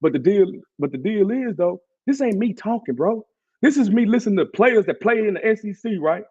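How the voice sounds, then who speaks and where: A man with a Southern twang hosting a casual sports talk show, animated and slangy, leaning on "bro" to drive points home. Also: high voice, a little fast, slightly rough, highs cut off. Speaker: podcast host.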